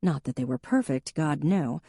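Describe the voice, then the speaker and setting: A woman reading an audiobook in an even, measured narration. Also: deep voice, no room sound, clean studio sound. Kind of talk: scripted narration.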